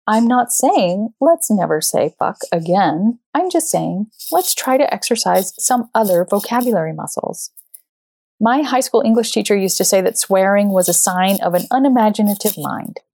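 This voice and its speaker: A middle-aged woman talks straight to the listener in a relaxed monologue, spinning a personal story with lively energy. She slips into the voices of the people she quotes. Her voice sits in the middle range and sounds close and dry, with no room around it. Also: mid-range voice, moderate pace, no echo. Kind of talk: conversational monologue.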